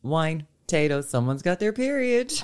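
A woman's voice: sits low, sing-song, moderate pace, a little mellow, clean tone. A woman with an Irish accent, co-hosting a casual chat podcast, teasing and laughing often. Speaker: podcast co-host.

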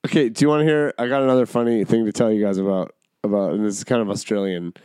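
A man's voice: lowish voice, steady tone, racing, warm tone, smooth, dry recording. A man hosting a podcast, telling stories in loose, profane casual chat. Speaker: podcast host.

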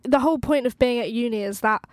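A woman's voice: a little high, fast talker, no echo, studio quality. A young woman co-hosting a podcast as a student-athlete, chatting casually with frequent "like" fillers and easy laughter. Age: young adult. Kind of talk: casual chat. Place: university.

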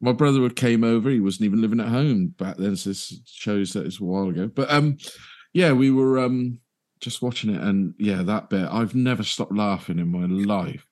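Male co-host, lowish pitch, meandering enthusiastic storyteller. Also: normal speed, darkish tone. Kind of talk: casual chat.

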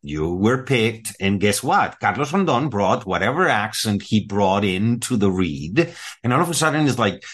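Low-voiced man, candid panelist. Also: very animated, normal speed, a bit bright, slightly rough. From Latin America. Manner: candid, anecdotal, acts out dialogue. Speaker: voice actor panelist. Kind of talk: panel discussion.

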